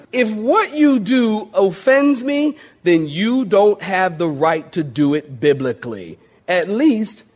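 A pastor preaching a sermon to his congregation, calling for amens and swinging between loud exclamations and hushed asides. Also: a little high, breathy edge. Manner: calls for amens and acts out skits.

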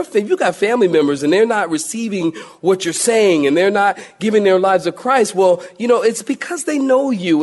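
A middle-aged man from Philadelphia, a pastor preaching a sermon and telling stories with lively voiced asides. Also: high voice.

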